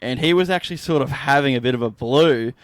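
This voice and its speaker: A man with an Australian accent chatting casually on a podcast and telling lively stories. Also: mid-range voice, quick pace, no echo. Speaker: podcast co-host. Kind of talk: casual chat.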